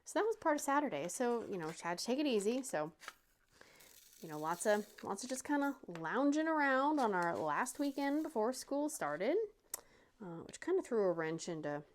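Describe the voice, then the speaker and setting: A woman hosting her crafting channel, talking casually as she works on a project. She tells a family story in a rambling, chatty way, and her mid-pitched voice jumps up when she acts out what other people said. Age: adult parent. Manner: animated retelling, acting out quotes with pitch jumps. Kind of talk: chatty storytelling while diamond painting.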